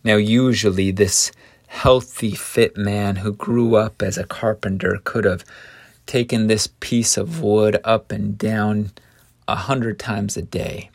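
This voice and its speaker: A man telling a scripture lesson slowly and earnestly, stopping to restart a phrase now and then as he paints the scene. His voice sits in a dry, close space with no room sound. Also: fairly low pitch, steady tone, a little mellow, dry recording. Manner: earnest, vivid storytelling with small restarts. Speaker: scripture teacher.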